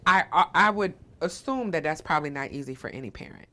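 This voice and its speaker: A woman's voice: deep voice, lively intonation, fast talker, sharp tone. A woman hosting an interview, affirming and emphatic, often tagging her points with "right?". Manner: affirming, emphatic, frequent "right?" tag questions. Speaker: interviewer and host. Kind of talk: supportive conversational interview.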